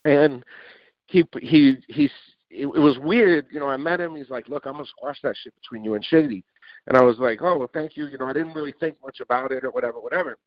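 Casting: male podcast guest, lively storyteller, swears freely, acts out dialogue; muffled, dry recording. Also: mid-range voice, quick pace, no room sound. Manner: animated, swears, acts out quotes. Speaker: interview guest, music producer. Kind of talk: casual storytelling. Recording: dull lo-fi dry sound.

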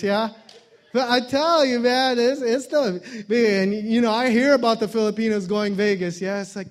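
A male pastor gives a relaxed, conversational sermon, stopping and restarting his sentences. His voice sits unusually high for a man. He mixes scripture with playful asides. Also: normal speed. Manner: conversational, joking, many fillers and restarts.

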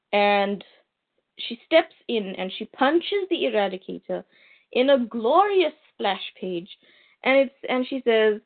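A woman reviewing comics in a casual recap, retelling the plot with fillers and asides. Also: on the high side. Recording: tinny phone-like line.

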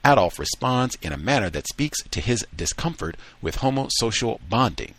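A man hosting a call-in talk show, reading a passage aloud and then chatting in relaxed asides. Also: mid-range voice, moderate pace, no echo. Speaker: radio talk show host.

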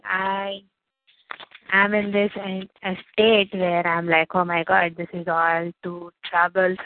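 A woman on a call speaks hesitantly and candidly, in slow, halting phrases. Her voice is lowish and flat, with little rise and fall. The sound is dry and tinny, like a phone line. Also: no room sound. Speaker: call participant.

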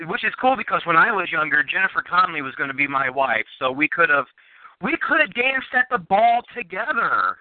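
A man's voice: fairly high pitch, sing-song, brisk, no echo. A man as a podcast guest, chatting enthusiastically and rambling with restarts. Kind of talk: casual chat. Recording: phone-like narrow sound, dry.

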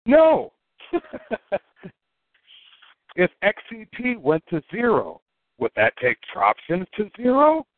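A man explains things in a rambling, animated monologue, his voice jumping up for emphasis as he mimics other people's reactions. It sounds like it was recorded through a tinny, phone-like line. The sound is flat and dry, with no room around it. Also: high-pitched, moderate pace, no echo. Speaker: crypto token promoter.

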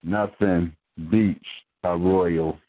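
A man's voice: low-pitched, steady tone, extremely slow, dry recording. A man from Philadelphia calling in to recite a spoken-word poem with a rhythmic, punchy delivery. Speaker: caller, poet. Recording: dull, lo-fi call-in line.

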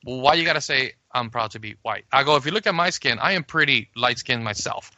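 A man co-hosting a podcast in casual chat, animated and swearing, acting out arguments he has had. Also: mid-range voice, quick pace, no room sound, highs cut off. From Puerto Rico. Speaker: podcast co-host.

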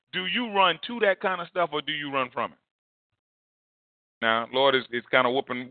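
Animated preacher man, phone-like sound. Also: no room sound. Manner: animated, swings high to mimic a shouting crowd. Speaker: pastor. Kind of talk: storytelling sermon. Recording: dry, phone-like narrow sound.

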